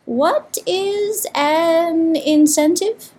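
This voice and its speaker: A woman voicing a timid, curious male field mouse who speaks in a squeaky, trembling and overly polite way. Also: very slow, darkish tone, exaggerated voice.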